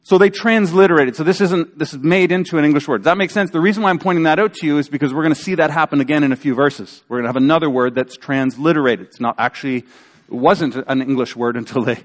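A man preaching a sermon as a pastor, in a conversational, animated storytelling way with acted-out quotes. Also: a little high, quick pace. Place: church sanctuary. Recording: church hall reverb.

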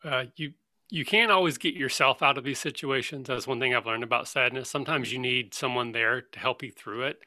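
A man's voice: medium pitch, a little fast, pushed and bright, no echo, clean studio sound. A man playing an ostrich in a tabletop game, speaking in an earnest, mock-serious way. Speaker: player. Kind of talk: in-character role-play chat.

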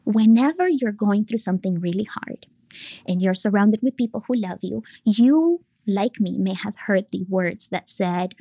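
A woman in her thirties, a podcast guest, telling a personal faith story in an earnest, emotional way, sometimes dropping to a soft whisper. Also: mid-range voice, lively intonation, moderate pace, breathy edge, no echo.

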